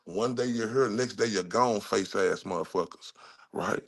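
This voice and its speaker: A man's voice: on the low side, moderate pace, gravelly. A man from Dallas, Texas, hosting a livestream and delivering a furious rant full of profanity. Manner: furious, heavily profane ranting. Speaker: livestream host.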